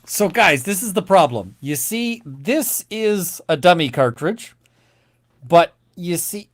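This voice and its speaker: A man's voice: sits high, expressive, slow. A man co-hosting a casual chat, explaining a point with props and laughing easily. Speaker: co-host and firearms explainer.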